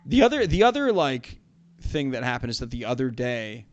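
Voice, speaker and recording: A man's voice: medium pitch, very animated, moderate pace, dull audio. Rambling tipsy man telling a story. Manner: rambling storyteller, many restarts and fillers. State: tipsy from whiskey. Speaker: podcast co-host. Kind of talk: casual chat.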